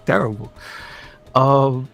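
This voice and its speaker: This co-host speaks in a mid-range voice, slowly and with vocal fry, his tone fairly bright over faint background music. Reviewing a film casually, he wanders as he reads off the cast, padding it with fillers.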